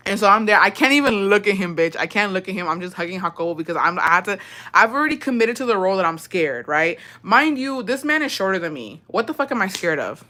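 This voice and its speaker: A woman's voice: medium pitch, big pitch swings, fast talker, bright, forceful tone. A woman telling a casual storytime vlog, swearing freely, calling her viewers besties and acting out the dialogue.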